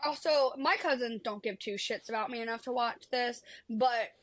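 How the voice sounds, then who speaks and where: A woman's voice: on the high side, normal speed, a bit bright, dry recording, rough recording. A woman co-hosting a casual podcast chat, blunt and rambling, swearing freely. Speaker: podcast co-host.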